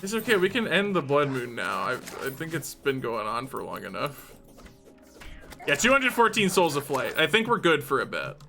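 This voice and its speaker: Brief: hyper, chatty game streamer with a bouncy, animated delivery. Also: medium pitch, moderate pace, creaky, faint music behind. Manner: excitable, jumping between shrieks and muttering. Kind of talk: live gameplay commentary.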